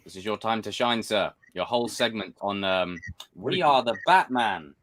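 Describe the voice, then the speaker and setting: Excitable man hosting a chatty podcast. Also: lowish voice, moderate pace. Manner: excited, calls others bro and dude. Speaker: podcast host. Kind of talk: casual podcast chat.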